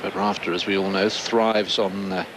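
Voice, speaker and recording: A man doing play-by-play commentary on a tennis match, calmly reeling off past scores and rankings. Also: deep voice, background noise. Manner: measured, factual, reels off scores. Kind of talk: sports commentary.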